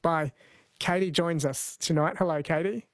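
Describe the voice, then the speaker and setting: A man's voice: fairly high pitch, fairly even intonation, moderate pace, no room sound. A man hosting a late-night radio quiz in a friendly, chatty way, laughing easily.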